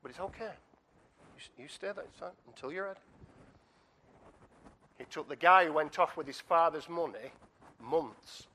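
A man preaching a sermon and telling a story with animated asides to the congregation. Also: on the high side, moderate pace, pauses often, slight background noise.

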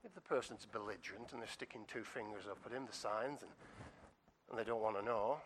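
A man preaching a sermon and telling a story with animated asides to the congregation. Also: lowish voice, brisk, slight background noise.

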